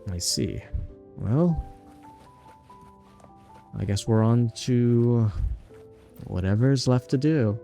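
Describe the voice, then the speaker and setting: A man's voice: medium pitch, expressive, slow pace, vocal fry, pauses often, dark tone, faint music behind. A young man streaming a game, chatting casually and rambling between bits of game text he reads aloud. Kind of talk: casual gaming livestream chat.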